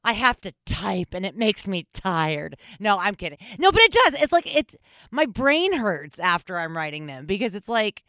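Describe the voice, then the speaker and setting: A woman's voice: mid-range voice, sing-song, moderate pace, fairly bright tone, no echo, clean studio sound. A woman hosting a recovery podcast, talking in a candid, self-mocking, rambling way. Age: adult in recovery. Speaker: podcast host. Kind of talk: casual chat.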